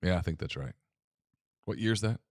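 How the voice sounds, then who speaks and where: A man co-hosting a sports talk show, reading sponsor ads and chatting in a relaxed way, with fillers. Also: deep voice, brisk, no echo, studio quality. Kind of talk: live ad reads and casual chat.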